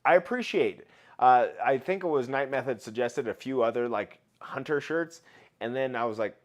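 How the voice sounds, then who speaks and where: Man, livestream host, casual chat, laughs a lot, reads chat aloud, mid pitch. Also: expressive, measured pace.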